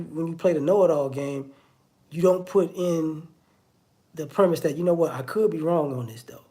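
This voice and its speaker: A man's voice: fairly high pitch, mellow. A man giving a casual spoken monologue, conversational and repetitive. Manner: conversational, repeats "you know what I'm saying". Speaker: online commentator.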